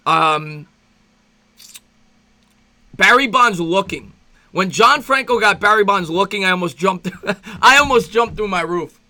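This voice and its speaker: High, bright-voiced excitable male sports fan. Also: unhurried, pauses often. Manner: chatty, rambling asides to viewers between pitches; excitable, voice jumps up when reminiscing. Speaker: fan play-by-play host. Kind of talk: amateur play-by-play commentary with reaction.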